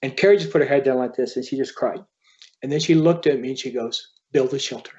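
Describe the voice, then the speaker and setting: An author telling a personal story as a podcast guest, in an earnest, halting way. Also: male voice, medium pitch, a little mellow, highs cut off. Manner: earnest, halting, quoting others as he tells a story.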